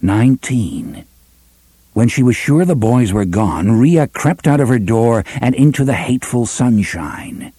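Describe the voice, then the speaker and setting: Husky-voiced male audiobook narrator. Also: mid-range voice, lively intonation, measured pace, warm tone, dry recording. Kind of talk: scripted narration.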